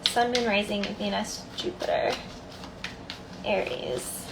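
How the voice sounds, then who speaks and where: A woman's voice: medium pitch, steady tone, takes it slowly, vocal fry, noisy background. A woman doing a casual tarot card reading, chatty, thinking aloud and laughing easily. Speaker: tarot reader.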